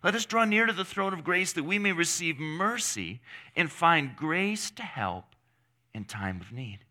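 A male pastor preaching a sermon in an earnest, emphatic way, with long pauses between phrases. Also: on the high side, animated, pushed and bright.

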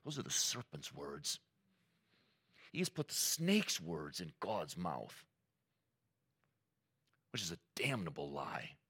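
Male pastor, preaching with earnest emphasis and story asides; lower voice that swings widely. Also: sing-song, slow pace, pauses often, a bit bright, breathy edge. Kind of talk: sermon.

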